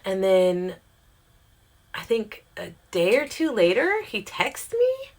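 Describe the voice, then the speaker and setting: A young woman telling a casual storytime monologue, chatty and animated, swearing freely and acting out what people said. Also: slow, pauses often. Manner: chatty, animated, swears freely, quotes herself in pitched-up voices. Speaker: storyteller vlogger.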